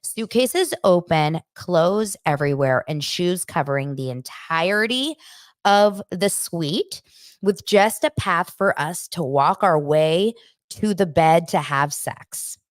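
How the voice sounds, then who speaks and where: A woman's voice: lowish voice, lively intonation, takes it slowly, dry recording, clean studio sound. A young adult woman hosting a casual pop culture chat, telling stories animatedly and acting out quotes, with lots of "like". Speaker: pop culture show host. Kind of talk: casual chat recapping celebrity news.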